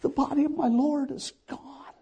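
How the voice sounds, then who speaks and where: A man's voice: very high voice, fairly even intonation, normal speed, warm tone, lo-fi sound, voice pushed up. A man voicing a distraught grieving woman at a tomb, pleading and frantic.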